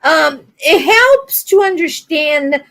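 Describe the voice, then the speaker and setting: A woman from Brazil with a Brazilian accent, telling lively stories in a casual livestream chat; English is not her first language. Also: high-pitched, takes it slowly. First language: Portuguese. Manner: animated storyteller, laughing often.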